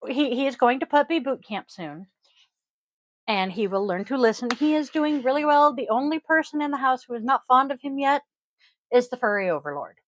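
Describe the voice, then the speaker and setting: This is a rambling, chatty podcast from a yoga teacher who ums and clears her throat often. Her high voice is expressive and brisk. She's on a close mic at home, with no echo but a low-quality recording.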